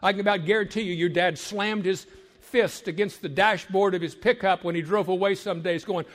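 An older man, a marriage counselor, gives an emphatic sermon-like talk to young people, building repeated phrases and sometimes dropping to a hush. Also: high voice, fairly even intonation, brisk. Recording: long hall reverb.

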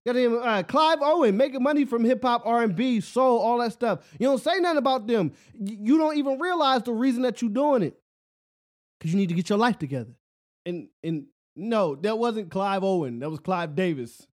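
A man hosting a solo podcast, rambling in a casual, animated rant, often laughing at his own jokes and asking "you know what I'm saying". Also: extremely high pitch, normal speed. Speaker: podcast host.

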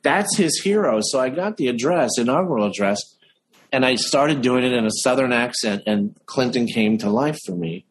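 A man chatting casually as an interview guest, an animated storyteller who slows down for emphasis. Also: medium pitch, poor audio. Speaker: impressionist guest.

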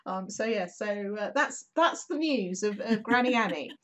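A woman, a regular on the show, telling a local anecdote in a chatty, animated way, acting out quotes with plenty of fillers. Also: medium pitch, moderate pace. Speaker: regular contributor. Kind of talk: casual storytelling chat.

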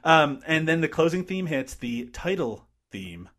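A man's voice: a little high, sing-song, unhurried, a bit bright. Chatty man recapping a film. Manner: chatty, laughs often, recaps scenes. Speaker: podcast co-host. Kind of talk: casual movie-review chat.

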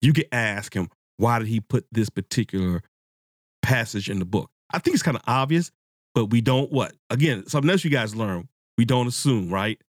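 Excitable man hosting a book podcast. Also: mid-range voice, normal speed, no echo, studio quality. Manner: excitable, rambling, swears freely. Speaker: podcast host. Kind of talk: casual book-discussion podcast.

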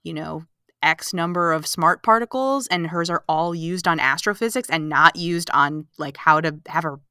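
A woman co-hosting a casual movie podcast, recapping the plot in an animated, sarcastic way and acting out the characters' lines. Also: low-pitched, normal speed, clear, resonant tone, no room sound, clean studio sound. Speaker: podcast co-host.

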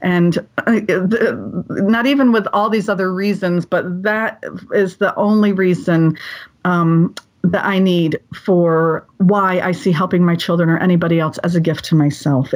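A woman's voice: lowish voice, fairly even intonation, a little slow, a little mellow. Earnest, reflective middle-aged woman. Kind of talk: casual podcast conversation.

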